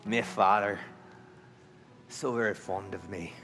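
A man doing a hushed old Irish uncle. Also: lowish voice, steady tone, slow, big-room sound, soft background music, voice pushed down. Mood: tender. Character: eighty-year-old Irish uncle, tender and tearful.

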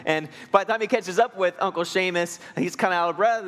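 A man preaching a sermon as pastor, earnest, moving between emphatic lines and quiet ones. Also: sits high, brisk, big-room sound.

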